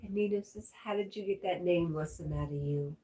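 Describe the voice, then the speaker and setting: A woman's voice: fairly low pitch, brisk, warm tone, a little hiss or hum. A woman hosting a casual livestream, chatting and reading viewer comments aloud, a little stuffy. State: stuffy, congested. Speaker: livestream host reading chat.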